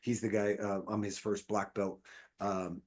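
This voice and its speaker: A man, a guest on a podcast, telling long, profane anecdotes from his acting career in a casual, animated way. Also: fairly low pitch, a little slow. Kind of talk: casual storytelling chat.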